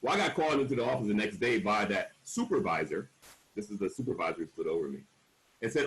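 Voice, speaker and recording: A man in his forties speaks in a somewhat low voice as a panel speaker, telling his own story frankly. He leans hard on key words and slips into the voices of the people he quotes. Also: sing-song, fast, fairly bright tone, low-quality recording. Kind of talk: candid personal storytelling at a panel.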